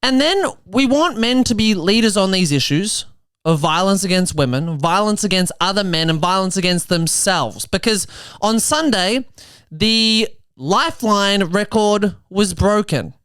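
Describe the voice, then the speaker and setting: A young Australian man in his twenties hosts his own podcast in a comedic monologue. His voice is smooth and resonant. It is recorded dry and close, with little room sound. He talks in a quick, chatty way, full of asides. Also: high-pitched, animated, fairly bright tone, dry recording. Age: 20s. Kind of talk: comedic monologue turning to social commentary.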